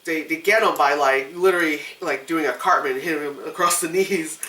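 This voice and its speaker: Woman, casual animated reviewer, profane; distant mic, roomy. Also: low voice, brisk. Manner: animated, profane, acts out quotes in exaggerated voices. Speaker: movie reviewer. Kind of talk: casual chat.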